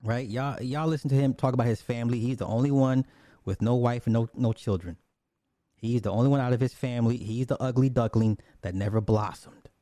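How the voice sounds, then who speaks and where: Brisk and mid-range, this man's dark, mellow voice delivers a casual rant full of bluntness and profanity, with repeated phrases and restarted lines. The mic is close and the sound dry, with no room sound.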